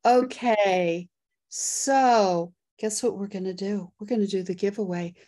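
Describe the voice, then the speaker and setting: A woman with a mid-range voice hosts a casual live webinar over a video call, laughing readily and getting excitable as she reads the poll results and chat.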